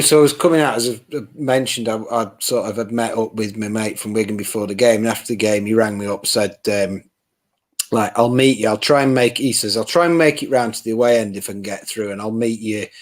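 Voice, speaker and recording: Animated man telling a story. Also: lowish voice, a little fast. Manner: animated storytelling, acting out quotes. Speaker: podcast co-host. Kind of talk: casual podcast chat.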